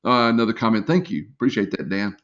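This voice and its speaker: A man's voice: lowish voice, sing-song, quick pace, a bit bright. A middle-aged man training salespeople in a live webinar, chatty and encouraging, with lots of fillers. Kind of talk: casual live webinar talk. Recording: slightly dull lo-fi webinar audio.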